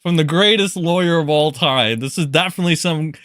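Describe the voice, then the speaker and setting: Guy streamer ranting and roasting ppl, swears a lot, kinda high voice, dry close sound. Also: fairly quick, a bit bright, smooth, no echo. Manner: mocking and crude, with frequent laughter and swearing. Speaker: streamer commentator. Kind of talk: profane live-stream commentary.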